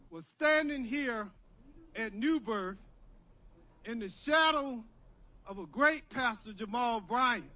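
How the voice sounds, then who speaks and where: Older male rally speaker, preacherly call-and-response, high-pitched, deliberate. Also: sharp tone. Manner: preacherly, rousing, repetitive. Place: outdoor drive-in rally.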